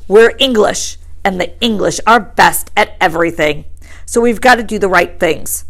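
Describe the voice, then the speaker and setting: A woman's voice: mid-range voice, normal speed, fairly bright tone. A woman voicing a proud, bossy boy who gives orders to the group. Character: bossy fierce boy leader, proud and scornful.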